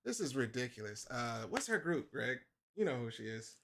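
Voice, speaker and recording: Animated, gravelly man telling stories. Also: medium pitch, moderate pace. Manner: animated storyteller, acts out his own outbursts. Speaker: livestream host drawing a comic. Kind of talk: casual chat while working.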